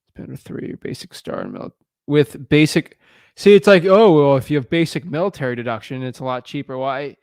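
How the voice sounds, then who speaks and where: A man's voice: fairly high pitch, huge pitch swings, fairly quick, vocal fry, a little mellow, smooth, no room sound, studio quality. A young man commenting casually on a property listing and cold calling a seller, thinking aloud with fillers. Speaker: real estate wholesaler cold calling.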